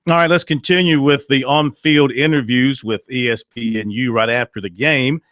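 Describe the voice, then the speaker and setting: A male sports radio host recaps plays conversationally, filling gaps with little pauses. His medium-pitched voice is steady and fairly bright, sounding close and dry with no room sound around it.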